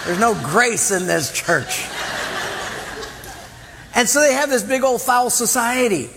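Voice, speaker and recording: A man's voice: high-pitched, measured pace, creaky, background noise. A man preaching a sermon in a church, telling illustrative stories and acting out the voices of the people in them. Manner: animated storytelling, acts out voices. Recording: long hall reverb.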